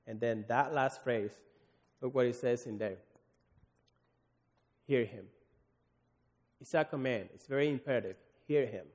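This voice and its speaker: Male preacher, earnest and halting, mid-pitched voice with long hall reverb. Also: a little mellow. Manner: earnest, pleading, with many restarts and fillers. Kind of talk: sermon.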